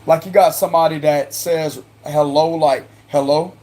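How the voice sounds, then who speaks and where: A man's voice: a little high, steady tone, moderate pace, dark tone. A man with a Cajun accent giving a casual, rambling tarot reading to viewers, repeating himself and chuckling in asides. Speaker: tarot reader.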